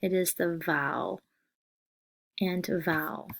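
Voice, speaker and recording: A woman teaching a phonics lesson, reading word lists slowly and deliberately and asking questions. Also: fairly low pitch, fairly even intonation, vocal fry, a little hiss or hum. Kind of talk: slow, scripted phonics lesson.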